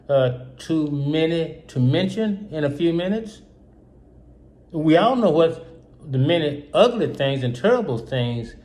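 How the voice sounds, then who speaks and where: A man's voice: on the high side, darkish tone. A man hosting his own show, talking through an emotional political monologue that is full of repetition and rhetorical questions. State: upset. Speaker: host.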